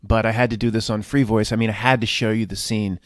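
A man's voice: fairly low pitch, flat delivery, fast talker, no echo, clean studio sound. A man giving casual video commentary in an earnest, emphatic way, laying out a theory.

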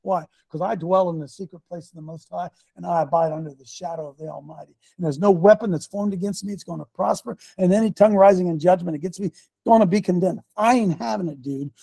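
A man preaching a fiery sermon, folksy and combative, with slang and sudden shouts. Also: high-pitched, quick pace, creaky, no room sound. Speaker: pastor.

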